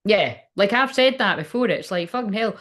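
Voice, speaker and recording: A Scottish woman reads tarot on a livestream in a loose, chatty way. She is blunt and swears freely, and her speech is full of fillers and restarts. Her voice sits at a middle pitch. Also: expressive, normal speed, a bit bright. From Scotland. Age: adult, ten years online. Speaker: spiritual reader on a livestream. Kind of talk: casual live tarot reading.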